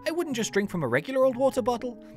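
A woman voicing an elderly, fussy, motherly female spirit bear in a put-on Irish accent, reading game dialogue aloud in a high, fluttery voice and calling the player dear. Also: big pitch swings, very fast, darkish tone, soft background music. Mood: fussy, doting.

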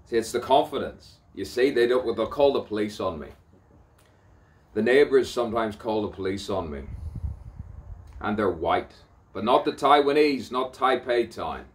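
A man who calls himself a poet and playwright gives a rambling spoken-word monologue, repeating phrases, swearing freely and breaking into song in a theatrical way. His fairly low voice is animated and moderately paced, picked up by a distant mic.

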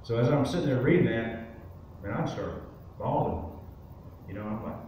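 As a guest speaker in a church sanctuary, a man tells a personal testimony in a loose, chatty way with lots of fillers. His mid-range voice is warm and animated, at a moderate pace. The recording is distant and very echoey, with a little hiss or hum.

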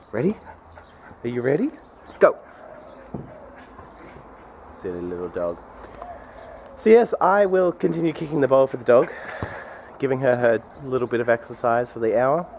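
A man's voice: mid-range voice, a little mellow, a little hiss or hum. A man chatting casually in a daily vlog, playful as he talks to his dog at home. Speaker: vlogger.

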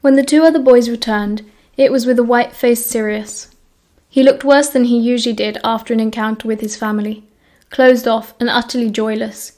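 A woman with a British accent narrating an audiobook in a steady storytelling manner. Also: a little high, brisk. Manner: steady storytelling, voicing characters.

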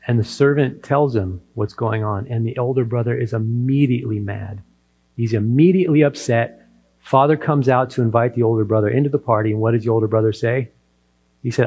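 A man preaching from the pulpit at an ordinary middle pitch. He tells the story in a lively way and acts out the characters' lines as he goes. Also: moderate pace, breathy edge. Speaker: pastor. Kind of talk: sermon.

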